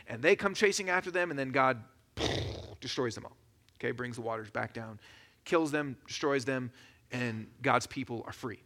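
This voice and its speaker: A man preaching a sermon as a pastor, in a conversational, animated storytelling manner. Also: medium pitch, normal speed.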